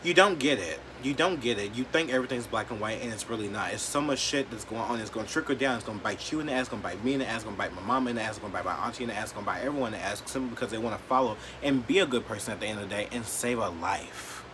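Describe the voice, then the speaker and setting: A man vlogging an emotional rant to camera, blunt and profane, leaning on "like" and swinging between quiet, hurt lows and loud, defiant outbursts. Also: racing, few pauses, background noise. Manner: blunt, profane and heated, heavy use of "like".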